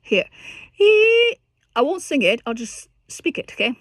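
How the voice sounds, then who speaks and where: A woman's voice: a little high, expressive, fairly quick, fairly bright tone, husky, dry recording, clean studio sound. A woman teaching a singing lesson, explaining technique with lots of restarts and breaking into short sung and spoken demonstrations.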